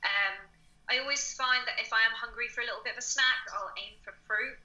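A woman's voice: a little high, fairly quick, bright, forceful tone, highs cut off. A woman, a fitness coach, giving chatty advice in a casual podcast conversation and laughing often. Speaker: online fitness coach, guest. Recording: roomy echo.

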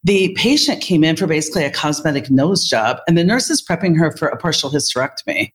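A woman with a slightly lower voice tells a workplace story in an interview. She speaks as a leader in healthcare. Her delivery is animated and vivid. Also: fast.

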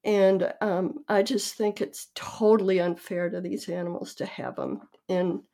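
A woman's voice: fairly low pitch, little pitch movement, unhurried, warm tone. A woman hosting a conversation, a veterinarian, earnestly recounting her own experiences in a casual way. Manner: earnest, personal recollection. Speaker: host, veterinarian.

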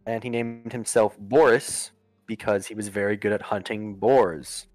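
A man's voice: on the low side, fairly even intonation, a little slow, a little mellow, no echo, soft background music. Guy GMing a tabletop game, rambly and loose, dry close sound. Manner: rambling, many fillers and restarts. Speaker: game master. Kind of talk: casual tabletop narration.

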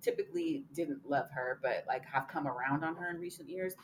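A woman's voice: deep voice, brisk, a little hiss or hum, low-quality recording. A woman co-hosting a podcast, chatting casually in a blunt way and swearing freely. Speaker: podcast co-host. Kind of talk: casual chat.

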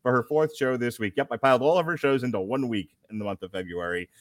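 A man hosting a casual chat show in a relaxed, joking way, breaking into laughter as he talks. His voice sits at an ordinary pitch. The recording is dry and close, with almost no room sound. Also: fast talker, no room sound. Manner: joking, laughs often while talking. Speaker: podcast host.

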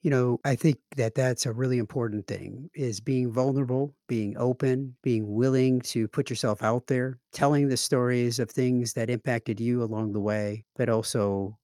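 A man hosts a podcast, talking in a reflective, measured way. His voice sits at a middle pitch and sounds dry and close to the mic. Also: steady tone, mellow, dry recording. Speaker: podcast host. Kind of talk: casual podcast talk.

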